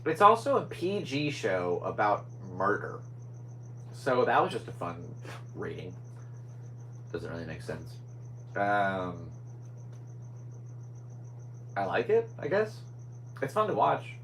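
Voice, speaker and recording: A young man talks his way through a casual solo podcast, drifting from one thought to the next. His voice sits on the low side. A faint hum runs quietly behind him. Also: huge pitch swings, slow pace, pauses often, low-quality recording. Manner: rambling, scatterbrained. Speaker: podcast host.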